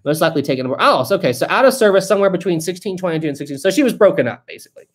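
Animated, jokey live-stream host. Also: medium pitch, rapid-fire, breathy edge. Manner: chatty, jokey, laughs often, thinks aloud. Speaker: livestream host reading viewer donations. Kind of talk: casual live-stream chat.

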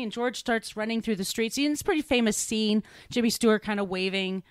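A woman's voice: mid-range voice, brisk, few pauses, dry recording. A woman podcast co-host chatting casually as she retells a film, rambling and laughing.

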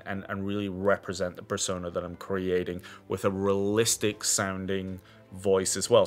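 A man presenting a screen-share technology demo, explaining in a halting way that restarts and repeats words. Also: deep voice, a bit bright. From Scotland.

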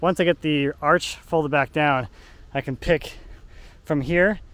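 A man's voice: a little high, steady tone, measured pace, a bit bright, smooth, no room sound. A man narrating outdoors as he loads a log onto a trailer, chatty and jokey, explaining each step as he works. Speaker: urban logger and video host. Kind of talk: casual narration while working.

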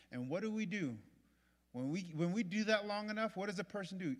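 A man's voice: medium pitch, brisk. Man preaching passionately in a big reverberant hall. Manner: impassioned, repetitive preaching that swings from hushed to loud. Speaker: pastor. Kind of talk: sermon. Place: large church auditorium.

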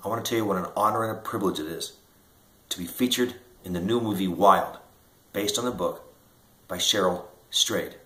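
A man's voice: sits low, moderate pace, pushed and bright. A middle-aged man with a Midwestern American accent, an inventor telling an earnest story straight to the camera, acting out the voices in it. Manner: earnest storytelling, acts out quoted dialogue. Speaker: inventor and company founder. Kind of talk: direct-to-camera promotional talk. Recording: echoey room.

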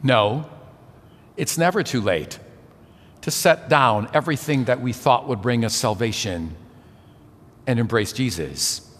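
A man's voice: mid-range voice, lively intonation, a little slow, pauses often. A man in his sixties preaching a sermon full of rhetorical questions. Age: 60s. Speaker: priest. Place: large church. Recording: church with long reverb.

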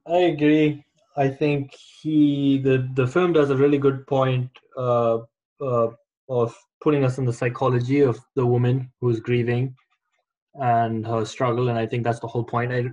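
A man co-hosting a casual film discussion, speaking in a measured way with "um" pauses. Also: mid-range voice, darkish tone, muffled recording.

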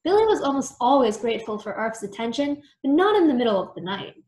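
A woman reading a children's storybook aloud in an expressive storytelling manner. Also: on the high side, quick pace, slight background noise. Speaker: storytime reader. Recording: echoey room.

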